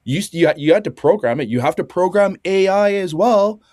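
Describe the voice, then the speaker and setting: A man's voice: sits high, lively intonation, a little fast, darkish tone, no room sound, studio quality. A man with a Canadian accent hosting a podcast, laid-back and slangy in casual chat. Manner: laid-back, slangy, calls people dude and bud. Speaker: podcast host.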